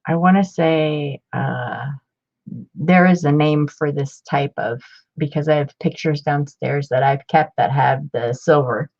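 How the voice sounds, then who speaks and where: A woman in her fifties talks slowly and a little low as she shows off old books, chatty and easily excited. The recording is dull and lo-fi, like a simple home setup. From Ohio. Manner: chatty, excitable, muttering asides. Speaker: book collector vlogger. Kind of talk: casual show-and-tell.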